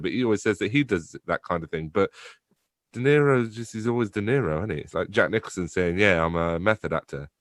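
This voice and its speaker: A man's voice: on the low side, no room sound, clean studio sound. A young adult man, chatting casually as a podcast guest, rambling, swearing freely and laughing often. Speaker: podcast guest, theatre company director. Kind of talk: casual conversation.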